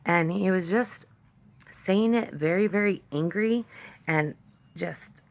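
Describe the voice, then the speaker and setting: A woman with a fairly low, gravelly voice speaks slowly, vlogging to her phone camera as she tells a rambling, chatty story. Now and then she breaks off to talk to her dogs. Faint background noise sits under the recording.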